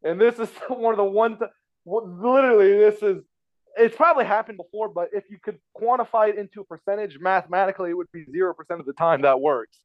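A man's voice: high-pitched, fast, dry recording, dull audio. A man telling a personal story in casual chat, rambling and repeating himself with lots of fillers. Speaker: podcast guest telling a story.

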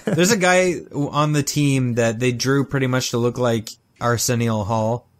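Man, podcast co-host, casual chat, joking, animated retelling, mid-range voice. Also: medium pitch, a little slow.

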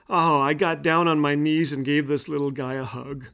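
A man's voice: a little high, flat delivery, normal speed, hardly any pauses, fairly bright tone. A man in his fifties hosting a radio show, telling humorous stories in a scripted monologue with punchlines. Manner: light storytelling with punchlines.

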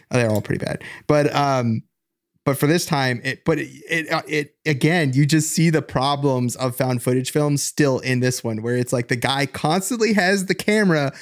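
A man chatting casually about a film, opinionated and critical, swearing now and then. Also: mid-range voice. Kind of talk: casual chat reviewing a film.

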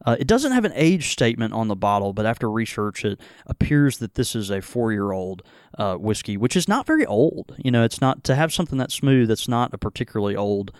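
A man hosting a casual whiskey tasting chat, talking in halting bits with many restarts and fillers. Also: on the low side, big pitch swings, darkish tone, smooth, no echo, studio quality. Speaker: whiskey show host. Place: Mississippi.

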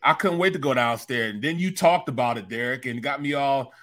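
A middle-aged man co-hosting a sports talk show, telling a story with animated, joking exasperation. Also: mid-range voice, a little fast, noisy background. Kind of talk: casual sports talk banter.

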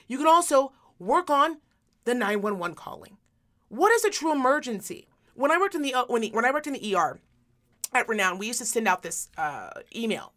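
A woman's voice: medium pitch, a bit bright. A woman who works in medicine talks in a heated, emphatic way on a podcast, swearing often. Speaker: podcast host; medical worker. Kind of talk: impassioned casual talk.

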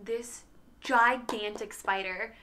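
A young woman co-hosting a podcast, telling an animated story in casual chat full of "like". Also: on the high side, takes it slowly. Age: young adult. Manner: animated storyteller, heavy use of "like". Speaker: podcast co-host.

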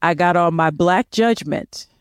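American woman cohost, teasing and dramatic, lowish voice, dry close sound. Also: a little slow, smooth, no echo. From United States. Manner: teasing, playfully dramatic, swings high in pitch. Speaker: podcast co-host. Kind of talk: casual history podcast chat.

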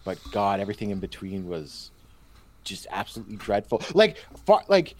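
A man's voice: lowish voice, very animated, moderate pace, a little mellow, slight background noise. A man co-hosting a podcast, giving blunt opinions in casual chat. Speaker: podcast co-host.

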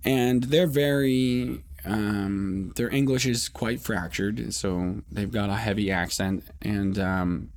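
A man's voice: on the low side, steady tone, slow pace, few pauses. A man hosting a podcast, telling a rambling, profane story in casual monologue with many restarts. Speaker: podcast host.

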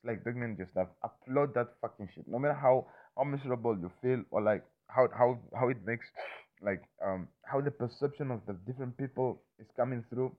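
A man's voice: medium pitch, brisk. A man in a casual, rambling monologue who repeats himself, swears freely and keeps checking that the listener follows him. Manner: loose, repetitive, swears freely, keeps asking "you understand me?". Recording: thin phone-like sound.

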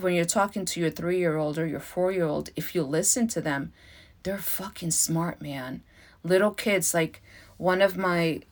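A middle-aged woman hosting a podcast, talking casually, emotional and emphatic, swearing freely and swinging between loud bursts and soft asides. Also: lowish voice. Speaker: podcast host.

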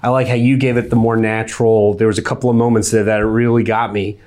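A man's voice: fairly low pitch, little pitch movement, fast talker, a little mellow. A man hosting a comedy podcast game, upbeat as he judges and gives feedback. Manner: upbeat, judging and giving feedback. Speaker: podcast host.

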